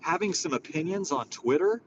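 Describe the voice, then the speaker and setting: A man's voice: a little high, animated, moderate pace, lo-fi sound. A man hosting an online audio room, ranting in a profane, rambling, exasperated way. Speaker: host of a social audio room. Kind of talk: casual ranting chat. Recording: faint background noise.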